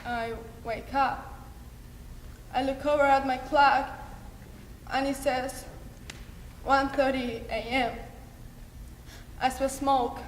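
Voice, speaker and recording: Teen girl, high bright voice, slow, intense solo monologue, echoey hall. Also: level tone, a little hiss or hum. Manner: intense, halting, emotional delivery. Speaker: student performer. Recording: echoey hall, faint ambience.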